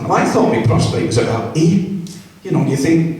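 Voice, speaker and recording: A man's voice: fairly high pitch, animated, normal speed, warm tone. Older man doing crude stand-up. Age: 60s. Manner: crude, chatty, addresses audience by name. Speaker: stand-up comedian. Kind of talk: open mic stand-up. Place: small comedy club. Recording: very echoey room from far off.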